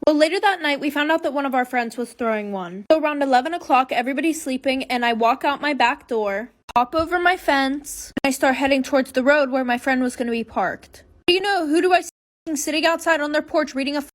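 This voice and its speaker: High-voiced young woman telling a storytime. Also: fairly quick. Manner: chatty, blunt, swears freely, quotes people in asides. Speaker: TikTok storyteller. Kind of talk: casual storytime monologue.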